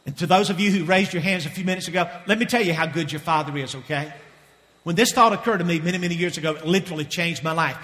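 A man preaching a sermon with passion, often repeating phrases and dropping to a hush before rising again. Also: a little high, quick pace. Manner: impassioned, repeating phrases, swings from loud to hushed. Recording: long hall reverb.

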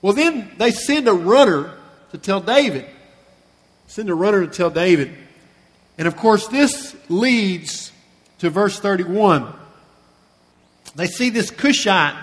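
A man preaching a sermon, retelling a scripture story with earnest feeling and slowing down and softening on the sad passages. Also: high-pitched, expressive. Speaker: pastor. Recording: long reverb of a large hall.

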